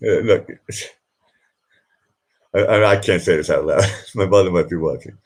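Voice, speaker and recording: A man's voice: sits low, moderate pace. A man hosting a casual live chat, telling rambling stories with frequent laughs and fillers. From Boston. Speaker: live stream host. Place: indoors at home.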